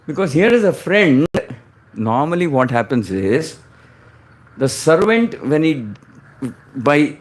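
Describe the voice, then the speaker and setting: A man delivers a sermon in a voice a touch higher than most men's. He tells scripture stories as he goes and voices the exchanges between the characters. He speaks close to the microphone. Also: very animated, takes it slowly, pauses often. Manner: storytelling, acting out scripture dialogues. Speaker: preacher.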